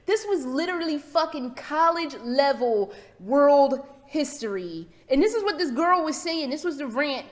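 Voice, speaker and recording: A woman's voice: high voice, a little slow, few pauses. A young American woman ranting casually to camera as a vlogger, hyper, rambling and swearing freely. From United States. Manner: hyper, profane, rambling and animated.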